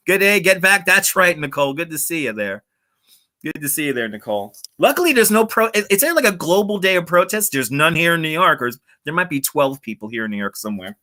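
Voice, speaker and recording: A man's voice: on the high side, sing-song, fairly quick, sharp tone. A man hosting a casual livestream outdoors, chatting with viewers and laughing often, on a lapel mic. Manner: chatty, reads out and answers chat, laughs often. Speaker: livestream host. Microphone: wireless lapel mic.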